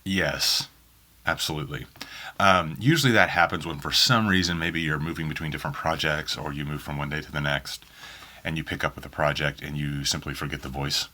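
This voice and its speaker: A man with a rumbling low voice and a faint Southern accent from Oklahoma narrates audiobooks and here rambles through interview answers, full of ums and restarts. His tone is steady, bright, and forceful, his pace a little fast, and he records in a small home booth in a spare bedroom.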